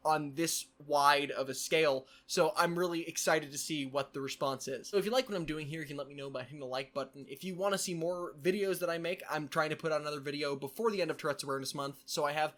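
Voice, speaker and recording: A man chatting to his camera in a loose vlog style. His voice is bright and forward and sits a little high for a man. He keeps it playful, with quick asides and bursts of repeated phrases. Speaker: vlogger. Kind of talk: casual vlog monologue.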